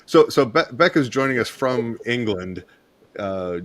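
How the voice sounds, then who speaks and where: A man's voice: medium pitch, animated, a little slow, over a noisy crowd. A man hosting a casual interview, giving short playful replies and steering toward the live comments. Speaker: show host.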